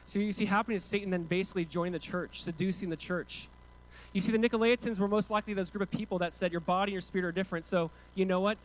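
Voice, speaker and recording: A male pastor preaches a sermon quickly, his voice high for a man, telling the scripture story with animated energy. He emphatically acts out the characters and has the congregation repeat key words in call-and-response. The audio is poor.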